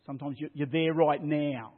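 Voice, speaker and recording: A man preaching a sermon as pastor, swinging from loud declarations down to a hushed near-whisper. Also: fairly high pitch, steady tone, moderate pace. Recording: tinny phone-like sound.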